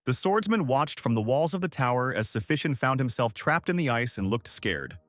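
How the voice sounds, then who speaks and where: A man narrating a scripted story recap in a steady storytelling manner, reading the quoted lines without doing voices. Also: mid-range voice, moderate pace, no echo.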